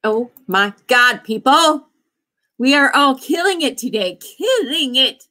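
A woman's voice: sits high, animated, slow, bright, forceful tone. A woman in her forties, an author hosting a writing sprint livestream in a casual, bubbly way, often cheering her viewers on with whoops. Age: 40s.

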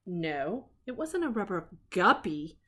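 A patient, mild-mannered puppet fellow, as an older woman reads him aloud. He talks calmly, gently correcting a muddled friend. Her voice keeps a lively, up-and-down lilt throughout the storybook read-aloud. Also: mid-range voice, takes it slowly.

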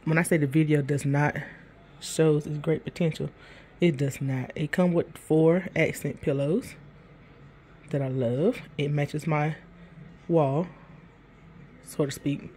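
A woman's voice: low voice, steady tone, slow, pauses often, dark tone, a little hiss or hum. A woman filming a casual home vlog with a stuffy nose, talking straight to her viewers and calling them y'all while she shows her living room. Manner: chatty, addresses viewers as y'all, repeats herself. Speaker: vlogger.

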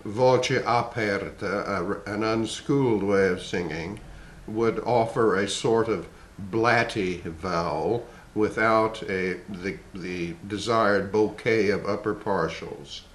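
A man in his sixties, a voice teacher explaining and demonstrating vocal warm-ups in a measured, explanatory way. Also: on the low side, echoey room, slight background noise. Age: 60s. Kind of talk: singing lesson demonstration.

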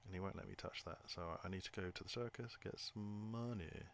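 A man's voice: low-pitched, steady tone, fairly quick, creaky, slight background noise. A man thinking aloud while playing a game, hesitant and muttering to himself. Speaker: gamer. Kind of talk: playthrough commentary.

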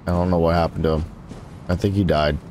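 This gaming YouTuber talks fast with a darkish tone and fairly even intonation while commentating his own play. He trash-talks opponents and his voice leaps high in frustration, over game sounds and a little hiss or hum.

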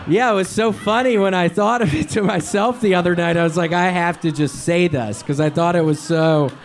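A male comedian on a comedy club stage, telling absurd rambling stories in a deadpan way that breaks into sudden shouts. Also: high voice, fairly quick, soft background music. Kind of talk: stand-up set and on-stage banter.

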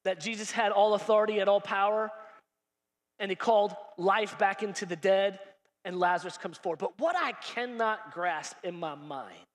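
A man preaching a lively sermon, acting out dialogue and rising to shouts. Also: sits high, big-room sound. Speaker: pastor. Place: large church hall.

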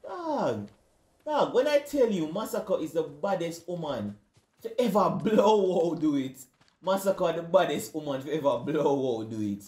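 A man's voice: a little high, lively intonation, moderate pace, a little mellow, reverberant. Rowdy gamer man. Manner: rowdy, hype, slangy. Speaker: gaming video creator. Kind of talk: gameplay commentary.

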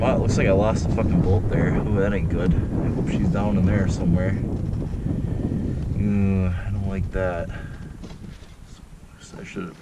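A man talks into an action camera outdoors in the snow, rambling, excited and swearing freely. Loud wind roars over his voice, and the snowmobile engine runs somewhere behind him. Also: lowish voice. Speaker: vlogger. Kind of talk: casual outdoor vlog.

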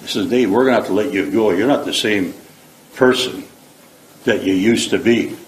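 A man's voice: on the low side, moderate pace. A middle-aged man from Canada giving a plain-spoken, earnest personal testimony in a church hall. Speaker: speaker giving his testimony. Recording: echoey hall, faint background hiss.

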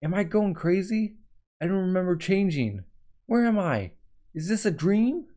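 A man's voice: expressive, moderate pace, mellow. A man voicing a frightened young woman navigator, crying out frantically for help while reading comic dialogue aloud. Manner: shrill, frantic cries for help.

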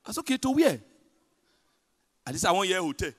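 Animated Nigerian comedian in a hall. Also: male voice, high voice, fairly quick, husky. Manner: animated storytelling in pidgin, big swings between loud and hushed. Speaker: stand-up comedian. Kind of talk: stand-up comedy set. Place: large hotel event hall. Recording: live hall reverb.

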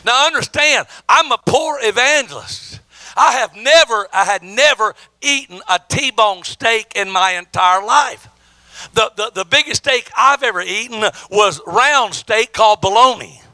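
Male evangelist, middle-aged, bright high voice, emphatic sermon storyteller who stammers and restarts. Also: lively intonation, measured pace, no echo. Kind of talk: sermon testimony.

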